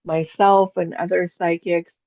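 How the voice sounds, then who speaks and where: A woman's voice: on the low side, little pitch movement, unhurried, a little mellow, no room sound, lo-fi sound. A woman psychic teaching a spiritual class in a chatty storytelling way, laughing often.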